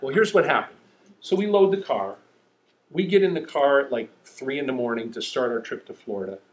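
A middle-aged man preaching a sermon, telling stories in an animated, self-mocking way. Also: mid-range voice, brisk, roomy sound, poor audio. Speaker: pastor.

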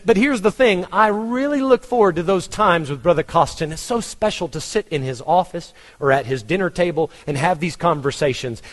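A man's voice: sits high, in a large hall. A man with a Texan accent preaching a conversational sermon, asking his congregation questions. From Texas. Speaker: pastor.

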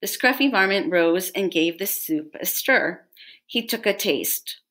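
Slow-reading woman telling a story to children. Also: mid-range voice, animated, fairly bright tone. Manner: pauses to ask listeners questions.

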